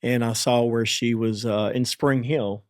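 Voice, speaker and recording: A man in his forties, a podcast host, talking candidly about parenting, halting with many fillers and restarts. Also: mid-range voice, fairly even intonation, dry recording, clean studio sound.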